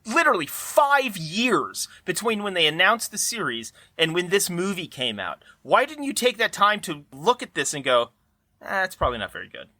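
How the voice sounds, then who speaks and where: A man's voice: sits high, sing-song, normal speed, few pauses, bright, forceful tone, dry recording. A man co-hosting a podcast in casual chat, ranting with incredulous rhetorical questions. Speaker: podcast co-host.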